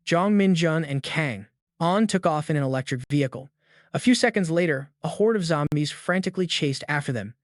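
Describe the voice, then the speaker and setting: A man narrating a scripted comic recap in a steady storytelling voice. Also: fairly high pitch, a little fast, no echo, clean studio sound.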